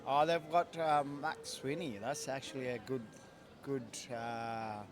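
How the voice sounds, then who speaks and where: Man, street interviewee, mid pitch, hesitant and noncommittal. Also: fairly even intonation, measured pace. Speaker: passer-by interviewed. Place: outdoors on a city street.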